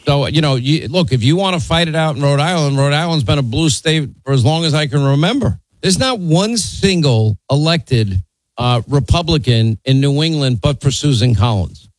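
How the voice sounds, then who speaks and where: A man's voice: a little high, expressive, moderate pace, dry recording, rough recording. A man hosting a call-in talk radio show, blunt and opinionated.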